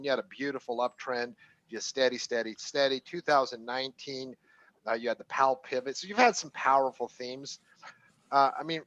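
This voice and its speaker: A man's voice: mid-range voice, no room sound. A man, a trading coach, giving loose, rambling market commentary. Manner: relaxed, rambling, laughs easily. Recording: dry lo-fi sound.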